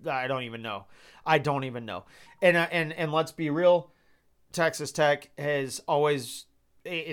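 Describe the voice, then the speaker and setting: A man's voice: mid-range voice, a bit bright. A young man hosting a podcast, making casual football picks in a rambling, exasperated way with casual swearing. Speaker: podcast host. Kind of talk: casual sports picks monologue.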